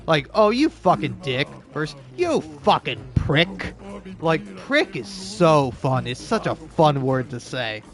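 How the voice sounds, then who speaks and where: A man's voice: fairly high pitch, sing-song, a little slow, few pauses. A man giving casual, rambling and profane commentary while playing a video game. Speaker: gaming YouTuber. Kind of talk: casual let's-play commentary.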